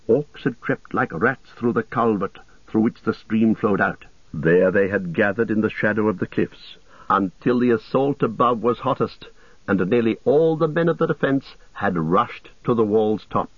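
Man, audiobook narrator, steady, measured, dry, tinny radio-like sound. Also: lowish voice, slightly rough, no room sound.

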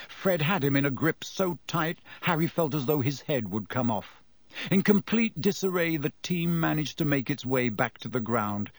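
A man giving lively, dramatic audiobook narration. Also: fairly high pitch, moderate pace, no room sound.

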